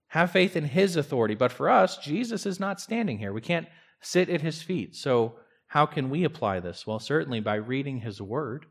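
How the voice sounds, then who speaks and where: A man preaching a sermon in an earnest way, pushing his voice up for emphasis, dropping it low, and sometimes stammering into a restart. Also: animated, fairly quick. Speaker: pastor.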